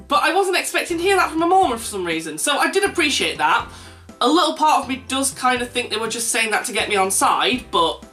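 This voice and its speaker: A young man telling a self-mocking anecdote for his vlog, animated and laughing at his own jokes. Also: very high voice. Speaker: vlogger. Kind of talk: casual anecdote storytelling. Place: indoors at home. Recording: distant mic with faint background music.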